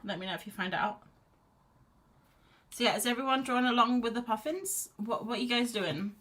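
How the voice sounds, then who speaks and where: Animated and fairly quick, with a fairly high pitch, a woman paints on a live stream from home, curled up on the sofa in a blanket. The art streamer reads chat aloud, rambles chattily and cheers herself on. Soft background music plays.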